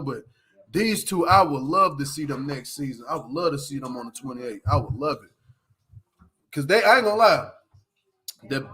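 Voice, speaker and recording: A man's voice: on the high side, bright, forceful tone. A man hosting a casual livestream, reviewing a reality show, laughing often as he retells scenes with lots of slang.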